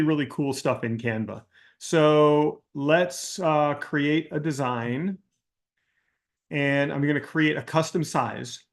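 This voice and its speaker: A man hosting a live online Q&A, talking over a desk mic on a video call. His voice sits a little higher than most men's, and he rants with sarcastic exasperation, mimicking the people who annoy him. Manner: animated, exasperated ranting with mocking put-on quotes; calmer screen-share tutorial delivery. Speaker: business coach hosting a live Q&A. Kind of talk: ranting livestream talk to an online class.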